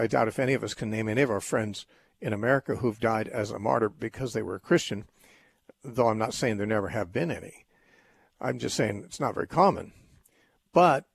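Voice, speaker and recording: A middle-aged man hosting a call-in radio show, explaining Bible passages in a measured way with occasional restarts. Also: medium pitch, gravelly, husky, dry recording. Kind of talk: call-in radio talk, teaching.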